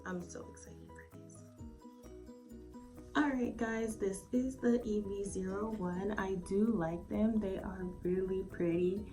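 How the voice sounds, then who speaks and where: A woman's voice: medium pitch, fairly even intonation, measured pace, mellow. A woman giving a casual, rambling review at home, swearing freely and filling her speech with "like" and "um". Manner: chatty, swears freely, lots of "like" and "um". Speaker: beauty vlogger. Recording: slightly distant mic with faint music.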